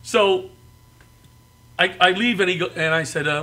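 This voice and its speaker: A middle-aged man telling animated stories as a talk show guest, laughing and getting loud as he acts out quotes. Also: high-pitched, normal speed. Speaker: comedian guest.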